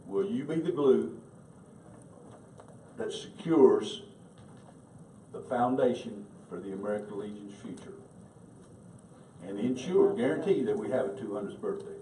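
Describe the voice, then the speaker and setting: A man's voice: fairly low pitch, expressive, measured pace, long pauses, dark tone, slight background noise. Rousing man with a Southern US accent. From North Carolina. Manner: rhetorical questions, rousing. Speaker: candidate for national commander. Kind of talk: rousing speech. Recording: echoey hall, distant mic.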